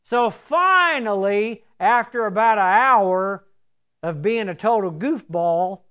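A high-pitched middle-aged man delivers a homespun sermon. He drifts into folksy stories and plain-spoken asides between points of faith. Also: animated, slow, fairly bright tone, smooth. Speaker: preacher.

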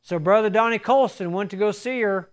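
A man's voice: sits high, a little fast. A man preaching a sermon, telling a personal testimony in an earnest way and rising to fervent emphasis.

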